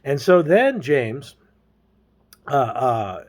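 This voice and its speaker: Casting: laid-back man, mid-pitched, slangy and filler-heavy, casual story recap. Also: sing-song, very slow.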